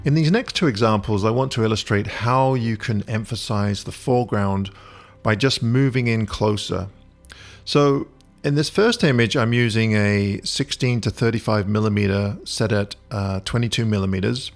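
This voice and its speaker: A man with a low, gravelly voice talks through a photography lesson. He explains calmly and stops often for a thoughtful "uh", with soft music playing underneath. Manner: relaxed, explanatory, with frequent "uh" pauses. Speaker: photography instructor. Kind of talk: voice-over tutorial.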